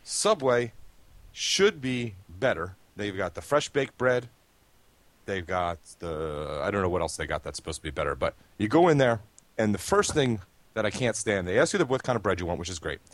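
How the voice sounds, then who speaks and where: A man's voice: lowish voice, very animated, moderate pace, no echo. A man co-hosting a podcast, explaining things with casual enthusiasm. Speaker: podcast co-host. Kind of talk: casual chat.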